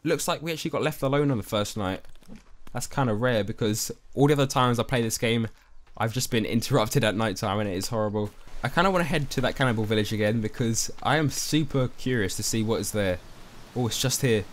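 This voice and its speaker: A young man giving excitable let's-play commentary, easily spooked and talking to his viewers. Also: medium pitch, brisk. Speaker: gaming YouTuber.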